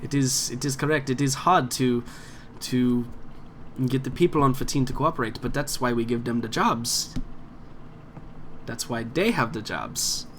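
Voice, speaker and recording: A man voicing a courteous, calculating male businessman in a tabletop game, speaking in a measured, formal way. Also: mid-range voice, fairly bright tone, slight background noise, close to an everyday voice. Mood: smooth, courteous. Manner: formal, measured, polite phrasing.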